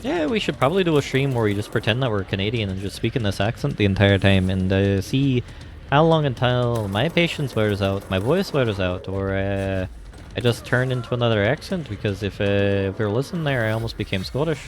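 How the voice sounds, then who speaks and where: A man's voice: fairly low pitch, expressive, brisk, slight background noise. A man streaming a video game live, chatting casually and rambling with lots of fillers. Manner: rambling, filler-heavy musing. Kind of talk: casual gameplay commentary.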